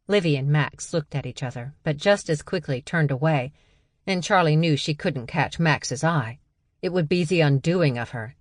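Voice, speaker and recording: Woman audiobook narrator, low voice, measured, dry and close. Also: dry recording. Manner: even, measured storytelling.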